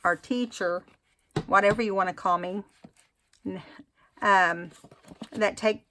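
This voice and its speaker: Woman, craft tutorial host, casual rambling talk, unhurried delivery. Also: medium pitch, fairly even intonation, pushed and bright, a little hiss or hum. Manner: chatty, rambling, self-admittedly unhurried.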